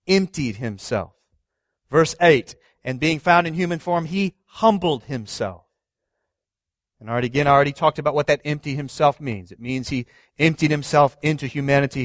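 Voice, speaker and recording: A man's voice: fairly high pitch, no room sound, clean studio sound. Emphatic man preaching a sermon. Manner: emphatic, asks the congregation questions, swings from loud to hushed. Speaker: pastor.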